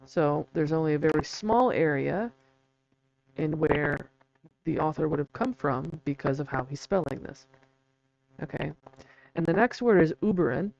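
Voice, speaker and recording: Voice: mid-range voice, expressive, moderate pace, vocal fry, long pauses, a little mellow, highs cut off. A video host in a casual explainer who reads passages aloud, spells words out letter by letter, and makes chatty, self-deprecating asides. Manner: chatty, self-deprecating, chuckles between points.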